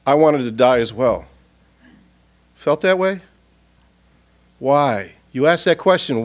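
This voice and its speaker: A man preaching at a funeral, earnest and expressive, swinging from loud appeals to hushed, quiet passages. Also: medium pitch, takes it slowly, long pauses. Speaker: pastor. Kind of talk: funeral sermon. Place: church or funeral gathering.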